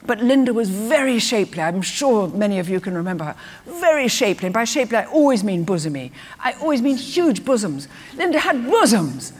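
An older woman, an actress, telling lively anecdotes on stage and acting out quotes. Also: a little high, a little fast, few pauses. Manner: lively storyteller who acts out quotes. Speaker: guest actress. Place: festival stage before an audience. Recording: reverberant live hall.

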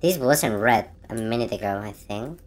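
Speaking at normal speed in a rumbling low, expressive voice, a woman provides let's play commentary on a horror game for her gaming channel. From her own room she reacts with gasps and startled, frightened exclamations.

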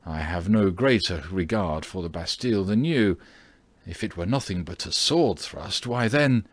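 Man voicing a brash young swordsman, husky, emphatic, dry audiobook sound. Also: deep voice, lively intonation, normal speed, dry recording. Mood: wry. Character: young bold male swordsman, brash and quick-tempered.

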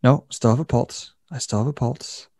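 A man's voice: mid-range voice, normal speed, darkish tone, dry recording. A man playing a tabletop game, speaking in character with a hesitant manner and frequent restarts. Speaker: player. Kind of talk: in-character tabletop role-play.

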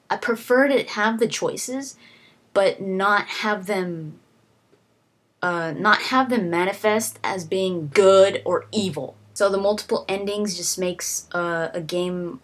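A woman's voice: medium pitch, husky. A woman vlogging, ranting casually to camera about what she wants from games, with lots of fillers and restarts. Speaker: gaming vlogger. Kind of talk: casual opinion rant to camera.

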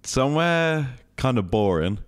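A man's voice: medium pitch, big pitch swings, unhurried. A young man co-hosting a podcast, answering with dry, skeptical wisecracks in casual chat. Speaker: podcast co-host.

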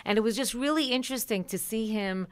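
A woman comedian, a guest on a radio talk show, recounting a scene with lively storytelling. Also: a little high, fast talker. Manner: animated storyteller.

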